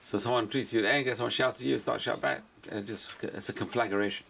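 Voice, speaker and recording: A rabbi lectures to a small class at a rapid clip. He drives points home by saying them twice, over a faint hiss in the background. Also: medium pitch, gravelly. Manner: repeats key phrases for emphasis, animated. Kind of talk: lecture-style Torah class.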